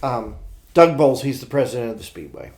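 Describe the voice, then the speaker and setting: A man's voice: medium pitch, fairly quick, vocal fry. A man from Indiana who sounds sick, hosting a casual podcast chat and telling stories animatedly with many restarts. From Indiana, USA. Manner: animated storyteller with frequent restarts. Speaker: podcast host.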